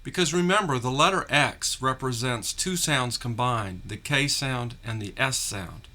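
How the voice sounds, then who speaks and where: A man teaching a phonics lesson, carefully articulating drawn-out vowel and consonant sounds. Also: mid-range voice, sharp tone. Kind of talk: slow, deliberate phonics lesson.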